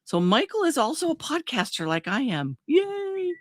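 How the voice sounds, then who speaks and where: A woman's voice: on the high side, big pitch swings, brisk, a bit bright, no room sound, clean studio sound. Bubbly woman podcast host. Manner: bubbly and enthusiastic. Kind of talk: casual interview chat.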